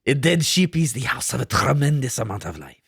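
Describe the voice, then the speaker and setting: A man voicing a grandiose older male ocean explorer, reading quotes slowly and solemnly in a deliberately poor mock French accent. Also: mid-range voice, no room sound, studio quality, voice pushed down, lightly acted.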